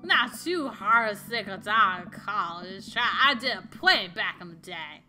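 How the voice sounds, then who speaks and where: A woman's voice: mid-range voice, animated, a little slow, bright, forceful tone, faint music behind. A woman voicing a tipsy, sardonic middle-aged female neighbor from a dating game, in a drawling put-on voice. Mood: teasing.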